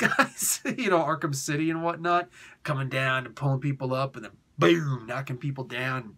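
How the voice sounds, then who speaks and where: A man hosting a comic book review show, talking in a casual, animated way, often laughing and sounding exasperated. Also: mid-range voice.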